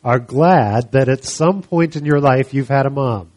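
A man giving a casual, halting, joking talk to a congregation. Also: medium pitch, darkish tone. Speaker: church speaker.

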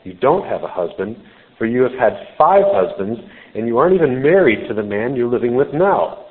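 A man voicing a calm male teacher in a retold scripture scene, speaking slowly and directly. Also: medium pitch, lightly acted. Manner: slow, measured, direct. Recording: tinny phone-like sound.

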